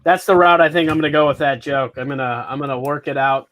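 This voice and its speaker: A man's voice: a little high, quick pace, a bit bright. A man hosting a comedy podcast, riffing on jokes in casual chat and laughing often.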